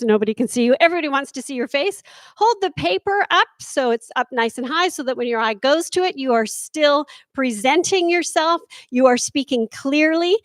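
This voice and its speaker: A woman presenting a workshop on performance tips in an energetic, demonstrative way. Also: sits high, no room sound.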